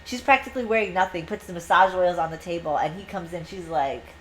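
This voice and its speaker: A woman co-hosting a podcast gushes profanely and casually about a book, acting out quotes from it in this review chat. She talks fast in a lowish voice with a fairly bright tone. The audio is poor, with a slight hiss or hum.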